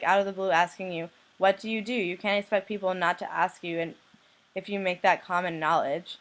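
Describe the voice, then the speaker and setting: A young woman from the United States, a blogger who reads anonymous messages aloud in a flat, deadpan way. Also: fairly low pitch. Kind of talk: reading messages aloud to camera.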